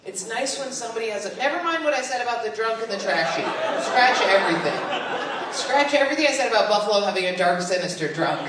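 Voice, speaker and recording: A woman doing stand-up comedy with crowd work, loud, incredulous and mock-outraged at audience members. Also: fairly high pitch, lively intonation, fast, very noisy. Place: comedy club stage. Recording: echoey club from far off, loud crowd laughter.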